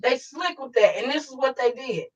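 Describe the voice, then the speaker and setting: A woman's voice: sits high, animated, normal speed, lo-fi sound. A woman co-hosting a podcast, reacting bluntly and emphatically with casual profanity. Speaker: podcast co-host.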